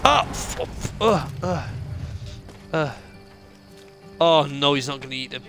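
A man giving excitable, joking live gameplay commentary, swearing a lot. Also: a little high, slow, music in the background. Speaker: streamer.

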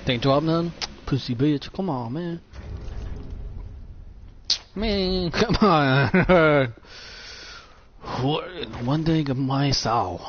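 A man's voice: fairly high pitch, extremely slow, pauses often. An American man giving casual, profane, joking commentary while playing a game at home. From United States. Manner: profane joking trash talk. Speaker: gaming YouTuber. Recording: dull lo-fi sound with steady noise.

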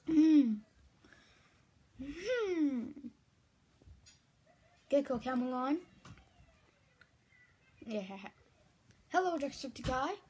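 A woman chatting playfully as toy characters, giggly and excitable with sudden shouts. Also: on the high side, slow, long pauses, husky. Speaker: fan video host.

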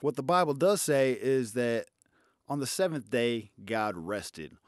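A man's voice: mid-range voice, animated, a little slow, no echo, clean studio sound. A man doing a stand-up routine, sarcastic and profane. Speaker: stand-up comedian.

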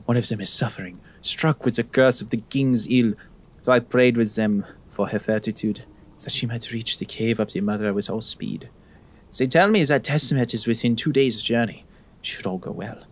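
A man's voice: medium pitch, normal speed, close to an everyday voice. A man reading a medieval traveler's journal aloud in an attempted French accent, in a solemn tone.

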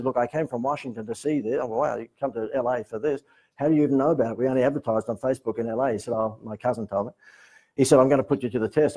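An Australian man delivers a seminar talk at a quick clip. His voice sits at an ordinary middle pitch. He jokes and needles the room with dry sarcasm. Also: dark tone, rough recording. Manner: joking, sarcastic storytelling. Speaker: seminar presenter.

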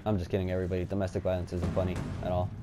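A man giving let's play commentary, cursing often and jumping from quiet muttering to panicked shouts. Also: low-pitched, monotone, rapid-fire, over music. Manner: swears a lot, swings from muttering to panicked yelling. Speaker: gaming channel host.

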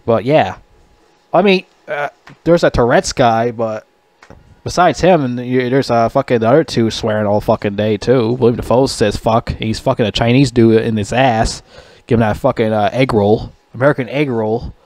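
A man's voice: medium pitch, moderate pace, darkish tone, no room sound. A man giving a casual, rambling movie review, swearing a lot and laughing at his own jokes. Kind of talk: casual rant.

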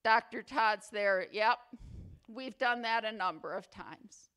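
Lady accepting an award, kinda high voice, takes her time, jokey and sentimental. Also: slow pace, bright, forceful tone, clear, resonant tone. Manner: chatty and playfully humorous; affectionate, sentimental. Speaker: faculty award recipient. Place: awards ceremony venue.

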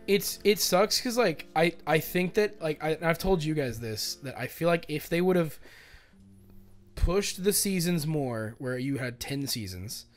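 A man co-hosting a casual podcast, animated and profane, bursting into loud acted-out quotes as he talks. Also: fairly high pitch. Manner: animated, swearing, acts out quotes loudly. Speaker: podcast co-host. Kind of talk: casual chat.

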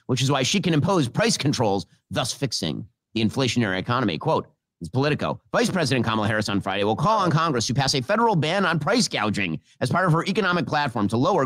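A man's voice: medium pitch, no echo. A man giving scornful, sarcastic political commentary in a played clip. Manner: sarcastic, rapid-fire, scornful.

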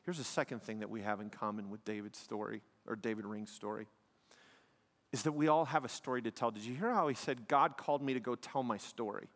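In the long, echoing reverb of a big hall, a male pastor delivers a sermon in a church sanctuary at a brisk clip. His pitch sits in the medium range, and he speaks emphatically but conversationally, often tossing in "man" and "like" between points.

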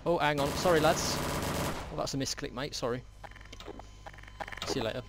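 A man trolls other players over game voice chat, mumbling in a mock-friendly, deadpan way. His voice has a gravelly fry and sits a little high. The line is noisy with steady hiss. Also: normal speed.

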